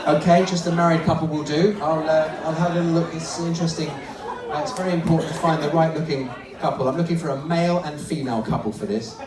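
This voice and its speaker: A man's voice: on the high side, steady tone, fast talker, few pauses. A man ventriloquist comedian doing teasing, chatty crowd work live on stage with audience volunteers. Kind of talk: live stand-up with audience participation. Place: large cruise ship theatre stage. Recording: echoey theatre, distant mic, audience crowd.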